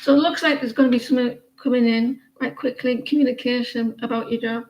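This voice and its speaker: A woman's voice: fairly high pitch, steady tone, fast, background noise. A woman giving a casual livestream tarot reading, rambling and chatty as she talks to viewers by name. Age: adult with a daughter. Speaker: tarot reader.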